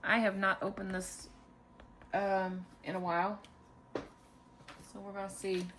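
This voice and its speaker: A woman narrates her budgeting vlog in an easy, leisurely way, counting bills one by one. Her voice sits at an ordinary middle pitch. A light background hiss sits under her talk. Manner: calm, unhurried, counting money aloud. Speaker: budgeting channel host. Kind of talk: casual cash-stuffing vlog narration.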